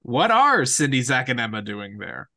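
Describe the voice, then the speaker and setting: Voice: mid-range voice, big pitch swings, normal speed, sharp tone. A podcast co-host who recaps TV scenes step by step, then banters with a sibling co-host. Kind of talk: casual recap chat.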